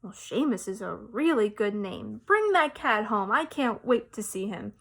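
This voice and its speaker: A gentle father speaking on the phone, slow and easy in his speech, put on by a woman reading a children's story. His voice sits fairly high. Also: animated, creaky, exaggerated voice. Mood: kindly.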